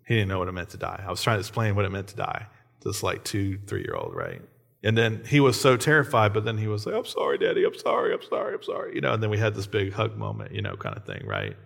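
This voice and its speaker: A man's voice: on the low side, huge pitch swings, fast talker, vocal fry, a bit bright. A man in his thirties preaching a sermon in a conversational way, often checking in with his listeners. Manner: conversational, frequent tag questions. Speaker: pastor.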